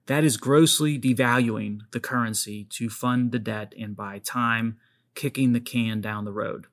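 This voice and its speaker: A man's voice: mid-range voice, fairly even intonation, a little slow, fairly bright tone. A man hosting his own podcast, giving emphatic commentary and speaking straight to his listeners. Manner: emphatic, addresses listeners directly. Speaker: podcast host.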